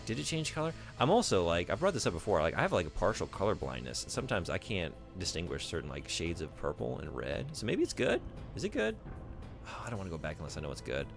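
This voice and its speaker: A man's voice: low-pitched, big pitch swings, quick pace, creaky, soft background music. A man streaming a video game in casual chat, thinking aloud, rambling and answering his viewers as he plays.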